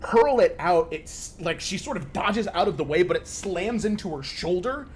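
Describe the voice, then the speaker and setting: A man narrating a tabletop role-playing game as game master, with lively, stumbling storytelling full of fillers. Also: high voice, moderate pace, a little hiss or hum.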